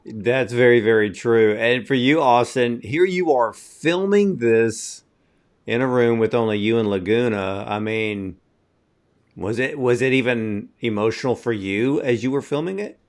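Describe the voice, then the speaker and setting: A man hosting a film interview, asking questions and commenting in a thoughtful, measured, affirming way. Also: mid-range voice. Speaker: interviewer, film show host.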